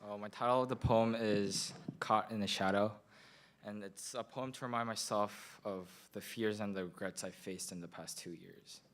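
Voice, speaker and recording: A man's voice: lowish voice, fairly even intonation, fairly bright tone. Earnest young man with a Korean accent. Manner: earnest, measured, repeats phrases for effect. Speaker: student poet. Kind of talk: slam poetry performance. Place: school event hall.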